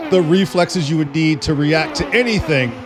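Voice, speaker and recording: A man's voice: on the high side, moderate pace. A man doing sim racing play-by-play commentary with jokey, sarcastic asides. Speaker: race commentator. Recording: loud race engine noise. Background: race car engine noise.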